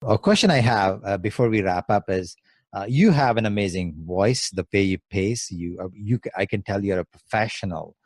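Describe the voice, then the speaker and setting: A man's voice: on the low side, moderate pace, darkish tone, no echo. Enthusiastic male podcast host. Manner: enthusiastic, with frequent restarts. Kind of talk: interview conversation.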